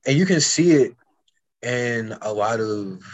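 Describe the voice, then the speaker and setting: A young man co-hosting a podcast, telling stories in casual chat with fast bursts and frequent restarts. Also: medium pitch, lively intonation. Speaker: podcast co-host.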